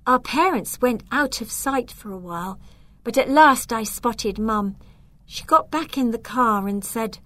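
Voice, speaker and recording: A woman narrating a children's storybook aloud in a clear, measured way. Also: fairly high pitch, lively intonation, sharp tone, no room sound. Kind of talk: storybook reading.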